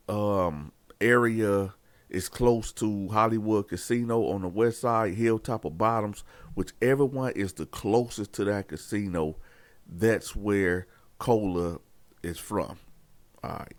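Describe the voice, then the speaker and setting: A man from the Columbus, Ohio area hosts his channel, telling a prison story in an animated, casual way, acting out the dialogue and addressing viewers directly as y'all. His voice is on the low side and unhurried, with no room sound.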